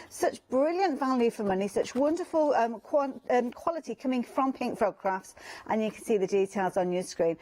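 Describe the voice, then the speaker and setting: British woman, higher voice, mellow tone, enthusiastic shopping channel presenter pitching a deal. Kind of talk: live shopping TV sales pitch.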